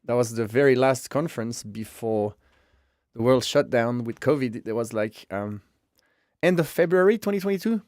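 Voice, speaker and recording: A man's voice: medium pitch, expressive, normal speed, a little mellow, no echo, studio quality. Chatty man hosting a live stream. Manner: chatty, rambling, self-amused. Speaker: livestream host. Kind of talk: casual live-stream chat. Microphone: headphones with mic.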